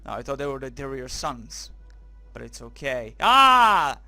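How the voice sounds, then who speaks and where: A man giving crude, joking, excitable commentary while playing a video game, now and then crying out German phrases. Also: mid-range voice, moderate pace, faint music behind. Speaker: gaming commentator. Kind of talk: let's play commentary.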